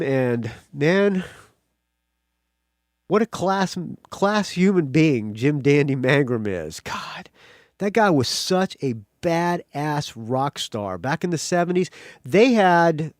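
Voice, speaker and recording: Rambly excited podcast guy, bit of a country accent, voice jumps up and down a lot, kinda high. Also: no room sound, studio quality. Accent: slight American country accent. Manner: rambling, excitable, swears freely. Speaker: podcast host. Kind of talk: casual solo intro.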